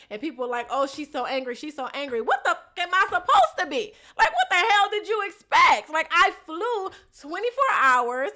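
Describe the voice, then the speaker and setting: Young woman venting on her vlog, high sharp voice, blunt and slangy, cusses a lot. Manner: animated, blunt, swears freely, slangy. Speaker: reality show contestant recapping her episode. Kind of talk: casual vlog recap.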